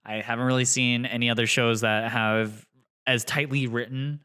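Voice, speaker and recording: A man co-hosting a casual podcast, speaking into a podcast microphone. His voice is smooth and resonant, and he thinks aloud, hedging with fillers. His pitch sits at an everyday middle. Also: steady tone, moderate pace, sharp tone. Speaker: podcast co-host.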